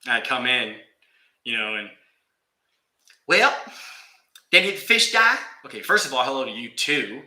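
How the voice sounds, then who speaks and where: A man telling a story in a casual vlog, animated with exasperated humor. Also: medium pitch. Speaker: aquarium YouTuber. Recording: echoey room.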